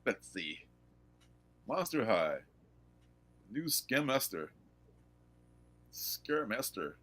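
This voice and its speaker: A man hosting a casual comics livestream, animated and laughing, reading blurbs aloud. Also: mid-range voice, normal speed. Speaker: host.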